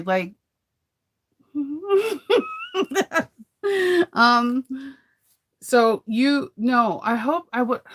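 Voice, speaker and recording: A woman's voice: sits high, a bit bright. A woman hosting a casual live chat with viewers about sewing, rambling and laughing often. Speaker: sewing channel host.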